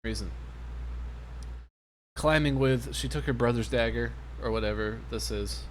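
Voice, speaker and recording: A man's voice: mid-range voice, unhurried, slight background noise. Sarcastic man reviewing a show. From Maine, US. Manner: sarcastic, mocking. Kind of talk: casual commentary over footage.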